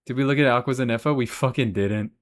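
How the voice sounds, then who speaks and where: A man's voice: medium pitch, fast. A man live-streaming a game, chatting casually and answering chat, swearing freely as he talks. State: has hiccups.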